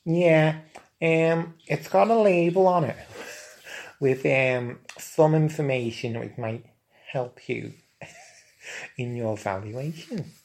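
A man voicing a camp, chatty male hairdresser with a Liverpool accent, chirpy and high. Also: takes it slowly, pauses often, a little mellow.

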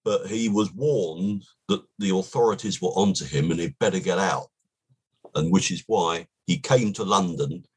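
An older man, a podcast guest, telling long anecdotes in an unhurried, relaxed way with a slightly husky voice. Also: low-pitched, poor audio. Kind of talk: relaxed storytelling.

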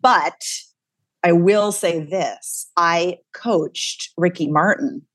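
A woman dialect coach chatting energetically as a podcast guest, quick and talkative. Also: lowish voice, fairly bright tone, dry recording. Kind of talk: casual podcast interview.

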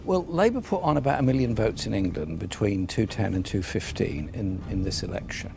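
A male politician from the United Kingdom answering interview questions in a measured, argumentative way. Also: lowish voice, animated, gravelly, background noise.

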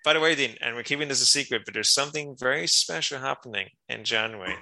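A man co-hosting a podcast in casual book chat, eager and quick to jump in with reactions. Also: medium pitch, creaky, pushed and bright, poor audio. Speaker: podcast co-host.

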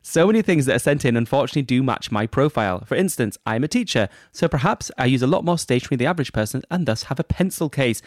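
A man's voice: medium pitch, expressive, quick pace, few pauses, no echo, studio quality. A man co-hosting a podcast, reading out listener letters in casual chat with teasing asides. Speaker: podcast co-host.

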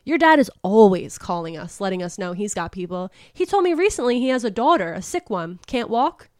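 A woman putting on a callous villainess who shrugs off other people's deaths, blunt and foul-mouthed, in a dry, close voice with no room around it. The pitch sits at an ordinary middle height for a woman. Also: sing-song, brisk, no echo, natural voice. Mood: dismissive. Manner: blunt, profane and dismissive.

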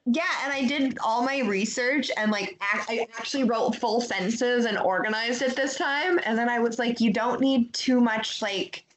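A woman co-hosting a podcast from home, chatty and quick to react, with some swearing. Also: fairly high pitch, rough recording. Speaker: podcast co-host. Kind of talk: casual chat. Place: home with cats. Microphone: handheld mic.

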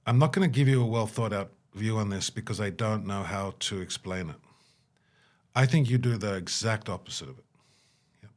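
A man with a lowish voice speaks earnestly as an interview guest. He talks through his field work and slips into quick acted bits of the conversations he describes, his voice lifting as he plays them out. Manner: earnest, acts out quoted dialogue with rising pitch. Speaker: guest, humanitarian worker. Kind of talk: reflective interview talk.

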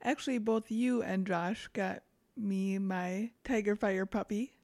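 A woman co-hosting a podcast in casual chat, dry and low-key. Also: steady tone, unhurried, a little mellow. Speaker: podcast co-host.

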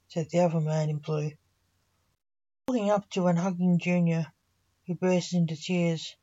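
A woman reading a dark fantasy story aloud as a storyteller, keeping an even reading manner with little change between the characters. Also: on the low side, a little slow, long pauses, dull audio. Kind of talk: scripted story narration.

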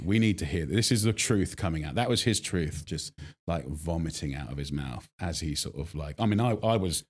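An English man in his forties, a chef being interviewed, telling animated stories full of fillers and restarts. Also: sits low, fairly quick. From England. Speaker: guest chef. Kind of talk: casual interview chat.

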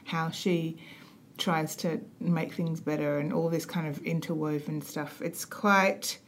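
A middle-aged woman, co-hosting a casual chat, talking quickly and laughing easily. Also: low-pitched, fairly even intonation, slight background noise. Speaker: podcast co-host.

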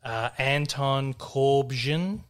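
A man hosts a casual chat about films, rambling loosely, often restarting sentences and swearing freely. His mid-range voice is smooth and very slow.

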